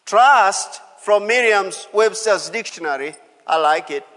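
A male pastor delivers a sermon with a notably high voice, leaning hard on key words and repeating them for the congregation. His voice rings out with the long reverb of a church hall. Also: animated, slow pace, pushed and bright. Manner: emphatic, repeats key phrases, calls out to the congregation.

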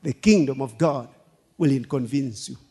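A man preaching a sermon as pastor, animated, laughing and repeating himself for emphasis. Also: mid-range voice, normal speed, breathy edge. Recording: long hall reverb.

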